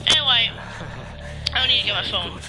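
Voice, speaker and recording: High-pitched guy ranting on his vlog, lots of ums and restarts, cusses a bit. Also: lively intonation, normal speed, loud music behind the voice. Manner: rambling with many restarts and filler words; swears casually. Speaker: gaming YouTuber. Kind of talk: casual rant vlog. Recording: noisy background hum.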